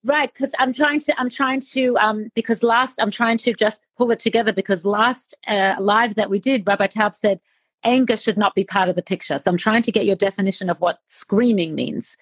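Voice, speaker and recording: A woman's voice: mid-range voice, moderate pace, slightly rough, no echo. A woman hosting a podcast interview, thoughtful and searching for her words. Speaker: podcast host. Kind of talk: casual interview chat.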